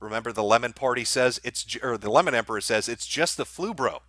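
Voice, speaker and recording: A man's voice: mid-range voice, expressive, fast, fairly bright tone, no room sound, clean studio sound. A man hosting a livestream, reading viewer donations and answering them in sardonic, profane commentary. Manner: sardonic, blunt, swears freely.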